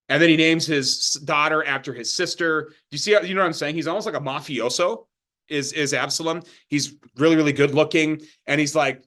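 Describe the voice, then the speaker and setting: A man's voice: fairly high pitch, fast, fairly bright tone. A man teaching a Bible study in a loose, conversational way, checking in often with his listeners. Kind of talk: informal sermon teaching.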